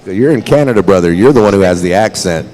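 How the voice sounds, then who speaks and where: A man's voice: low voice, animated, fast, darkish tone, poor audio. A man emceeing a pow wow, calling dancers to the arena and joking with the crowd between announcements. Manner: upbeat, joking banter with the crowd. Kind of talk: live event announcing over a PA.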